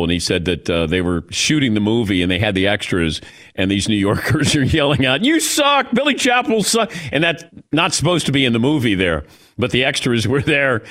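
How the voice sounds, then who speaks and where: A man's voice: lowish voice, fairly bright tone. A man hosting a sports talk radio show, laughing often and arguing back and forth with his co-hosts.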